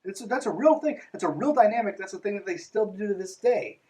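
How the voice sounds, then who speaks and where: A man with a somewhat high voice reads passages from a book, then stops to mock them with sarcastic, exasperated asides. He sounds a little away from the microphone, in a casual podcast setting. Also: animated, quick pace, a little mellow, distant mic, rough recording. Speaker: podcast host. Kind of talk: reading aloud and commenting.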